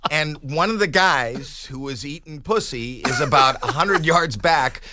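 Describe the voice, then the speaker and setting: A man in his sixties, a podcast guest telling a comic story in an animated way and acting out the quoted voices. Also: fairly high pitch, a little slow, noisy background.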